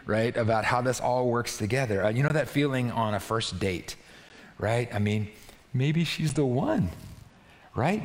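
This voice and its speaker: A man preaching a sermon in a lively, conversational way, often checking in with his listeners. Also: mid-range voice, unhurried, long reverb tail. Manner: animated, conversational, frequent "right?" asides. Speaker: pastor.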